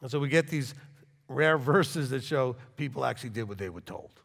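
A rabbi teaching Torah to a live class, acting out dialogues with big swings in loudness. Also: male voice, brisk, vocal fry, husky. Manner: animated, acts out dialogues in wide swings of pitch and loudness. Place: hall with a live audience. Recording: long reverb in a hall.

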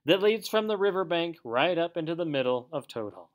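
A man playing a stern old storybook badger with a thin, dry voice. He speaks with severity and authority, his pitch still moving a lot. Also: expressive, brisk, natural voice.

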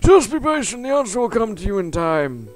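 A man voicing a vague, cryptic old man who guides a lost player, in a higher voice than his own. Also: sing-song, fairly quick, faint music behind. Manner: vague, patient, riddling.

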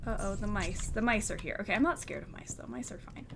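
A woman's voice: medium pitch, quick pace, gravelly, noisy background. A woman hosting a horror game let's play, jumpy and nervous, laughing through scares and chatting with her viewers. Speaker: gaming channel host.

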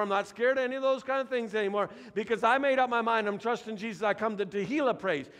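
High-voiced preaching pastor in echoing hall. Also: male voice, a bit bright. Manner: emphatic, repetitive preaching with call-and-response. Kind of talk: sermon. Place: church sanctuary. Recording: reverberant church sanctuary.

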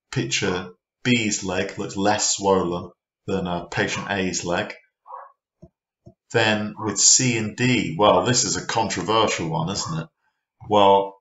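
A man teaching an online English grammar lesson, slow and patient, often asking the viewer questions. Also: fairly low pitch, a bit bright, reverberant, lo-fi sound.

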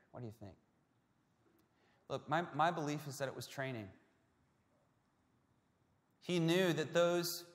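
A male pastor preaching a sermon, telling a story that swings between hushed, quiet passages and loud, emphatic peaks. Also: fairly high pitch, in a large hall.

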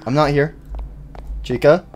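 A young man hosting a horror game let's-play, rambling and jittery, who bursts into high-pitched panicked yelling. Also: fairly even intonation, unhurried, a little hiss or hum. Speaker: gaming channel host.

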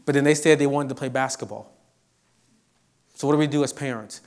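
A middle-aged man giving a humorous motivational university lecture, telling stories with lively delivery. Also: mid-range voice, a little fast, long pauses. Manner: animated storyteller, acts out quotes. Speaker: professor giving a guest lecture.

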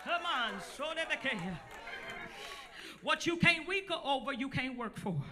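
A male pastor preaching a sermon to a live church congregation, building up to shouts and teasing the crowd into responding. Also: very high voice, expressive, a little slow.

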